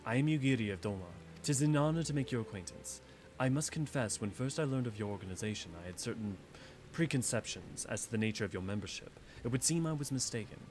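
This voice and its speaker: A man voicing a reserved female ninja from a far land, speaking in courteous, archaic, measured phrases. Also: medium pitch, expressive, a little mellow, a little hiss or hum, close to an everyday voice.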